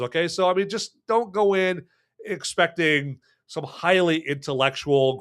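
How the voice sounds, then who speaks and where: Bright, lively man hosting a podcast. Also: fairly high pitch, clear, resonant tone. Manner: animated, sarcastic, peppered with "you know" and "okay?". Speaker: podcast host and film reviewer. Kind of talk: casual chatty review.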